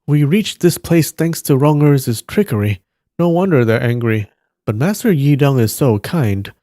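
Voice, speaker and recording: A man's voice: medium pitch, expressive, measured pace, dark tone, no echo, clean studio sound, pitched above the performer's own voice, lightly acted. A man voicing an honest, earnest young martial artist. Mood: worried.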